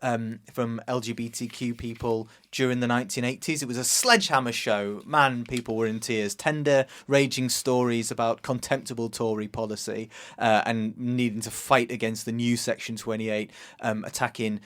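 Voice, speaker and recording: A man hosts a podcast and also interviews guests, speaking in a casual, enthusiastic way. His voice sits at an everyday pitch for a man. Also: fairly even intonation, normal speed, few pauses, a bit bright. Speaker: podcast host.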